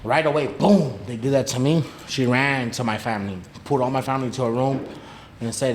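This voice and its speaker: A man's voice: mid-range voice, brisk. A man, telling a story in a casual podcast chat, slangy and profane, acting out the voices of the people in it. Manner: slangy and profane, retelling with quoted dialogue. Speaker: podcast guest. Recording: echoey room with faint noise.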